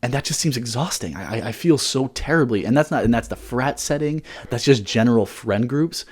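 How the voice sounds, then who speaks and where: A man's voice: mid-range voice, lively intonation, brisk, husky. A young man co-hosting a podcast, chatting casually in a rambling way, often repeating words and swearing freely. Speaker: podcast co-host.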